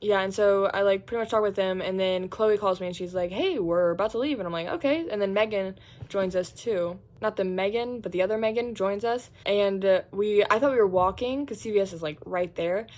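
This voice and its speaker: A woman's voice: medium pitch, a little fast, darkish tone. A young woman, a college student, chatting casually about her day in a vlog, filling her talk with "like" and acting out what people said. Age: young adult. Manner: chatty, heavy use of "like"; acts out quotes in squeals and groans.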